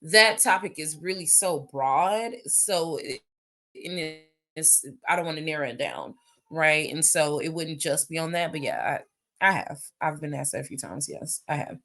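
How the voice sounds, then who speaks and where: On a phone or webcam live stream, a woman from the United States talks at a moderate pace in a low voice. She reads viewers' questions aloud, calls them y'all, and keeps the casual Q&A lively and chatty.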